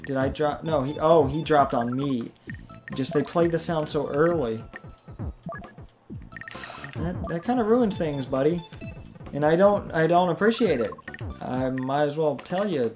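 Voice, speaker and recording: A man's voice: a little high, lively intonation, measured pace, long pauses. A young man rambling through casual, self-deprecating commentary while playing a video game, often laughing at his own jokes. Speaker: let's play gamer. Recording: game music playing underneath.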